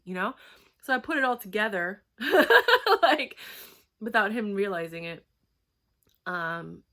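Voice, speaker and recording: A woman's voice: medium pitch, a bit bright. A woman in her thirties telling a personal story in a candid, rambling vlog, full of fillers and swearing. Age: 30s. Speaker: vlogger.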